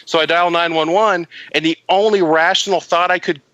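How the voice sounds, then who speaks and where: A man with a bright, fairly high voice tells a crude comic story, jumping into quick impressions of everyone involved. The recording is close and dry, with no room sound. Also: fairly even intonation, dry recording. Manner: vivid, profane, acts out voices of people in the story. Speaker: podcast guest storyteller.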